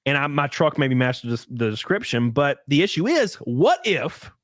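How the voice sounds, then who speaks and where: Animated, swearing man telling a story. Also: mid-range voice, moderate pace, dry recording, studio quality. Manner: animated storytelling, acts out quotes with profanity. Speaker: podcast host. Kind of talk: casual podcast chat.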